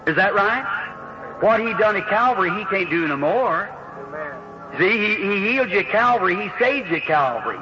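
Folksy preacher, old hissy tape. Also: male voice, high-pitched, animated, normal speed. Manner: folksy, earnest, calls out prayer card numbers, rises to fervent emphasis. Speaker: preacher leading a healing service. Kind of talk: revival sermon and prayer line. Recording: lo-fi old recording with audible hiss.

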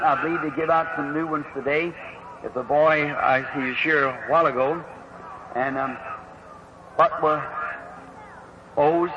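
On a muffled, hissing old lo-fi tape, a higher-voiced male revival preacher leads a healing service, folksy and earnest. He preaches and runs a prayer line, calling out prayer card numbers and rising to fervent emphasis.

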